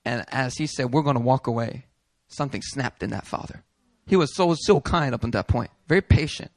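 A man preaching a sermon as a pastor, telling a story in an animated way, acting out the people he quotes and laughing as he goes. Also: mid-range voice, a little fast, dry recording. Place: church hall.

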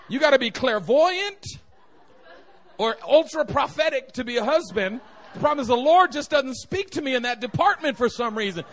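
A young man preaching a humorous sermon in a church, telling stories and joking with the congregation. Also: extremely high pitch. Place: church sanctuary.

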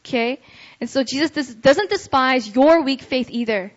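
A young woman gives a relaxed, conversational sermon in a fairly high voice, tossing in frequent "right?" check-ins as she talks. The recording sounds a bit dull and lo-fi, with the top end muffled. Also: normal speed. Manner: chatty, ends phrases with "right?". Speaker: preacher. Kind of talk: casual youth sermon.

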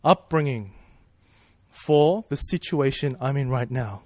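A man's voice: mid-range voice, expressive, slow, a little mellow, no echo, clean studio sound. A man preaching a sermon in a casual, conversational way, asking rhetorical questions and checking in with "right?" and "you know".

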